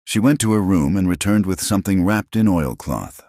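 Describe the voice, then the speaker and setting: A man narrating a western story in a steady, scripted storybook style. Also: deep voice, moderate pace, no room sound, clean studio sound.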